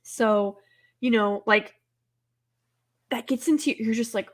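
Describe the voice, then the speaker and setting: A woman hosting a live stream, chatting casually with viewers, rambling with lots of filler words and breaking into loud, exasperated outbursts. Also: a little high, slow. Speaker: livestream host.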